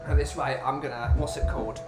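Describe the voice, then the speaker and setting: A man's voice: medium pitch, steady tone, a little fast. A man from the UK chatting casually as a podcast host, rambling and restarting his sentences. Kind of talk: casual chat. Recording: roomy with music behind.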